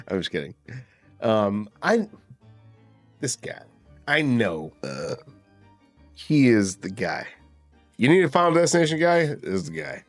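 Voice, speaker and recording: A man's voice: mid-range voice, very animated, a little slow, long pauses, soft background music. A man co-hosting a casual movie podcast, swearing often and retelling scenes with filler words. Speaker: podcast co-host.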